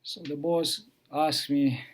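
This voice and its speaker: A man telling a personal story in a halting way, full of pauses and fillers, slowing down for tension. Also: fairly high pitch, fairly even intonation.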